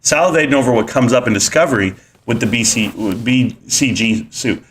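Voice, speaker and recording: Man live streaming, casual chat, rambling, fillers, mid-pitched voice. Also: fairly quick, a little hiss or hum. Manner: rambling, upbeat, many fillers, gets louder and higher when excited.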